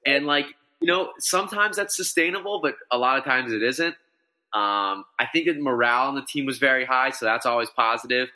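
A man talking sports on a podcast, with a strikingly bright, sharp tone. He rambles with excitement, restarting sentences as his thoughts run ahead. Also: medium pitch, brisk. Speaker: podcast co-host. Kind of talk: casual sports chat.

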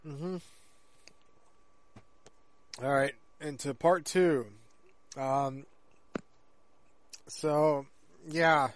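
Man, podcast co-host, casual rambling talk, slightly high voice, dry. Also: steady tone, drawn-out words, long pauses, no room sound. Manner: rambling, many fillers and restarts. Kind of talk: casual chat.

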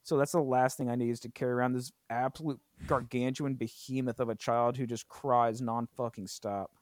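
A young man telling a story in casual chat, profane and animated. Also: medium pitch, a little fast, dry recording.

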